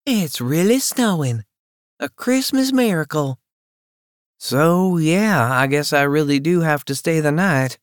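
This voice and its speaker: A man voicing a guarded young woman lawyer with a soft, wry way of speaking. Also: on the high side, expressive, slow pace, dry recording, studio quality, voice pushed up. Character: wary young woman lawyer, warm underneath.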